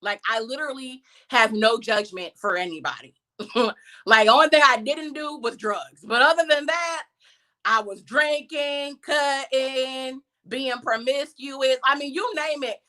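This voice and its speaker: A woman's voice: high-pitched, a little slow, bright, forceful tone. A woman speaking as a featured guest on a live stream, giving a conversational and emphatic motivational talk full of rhetorical questions.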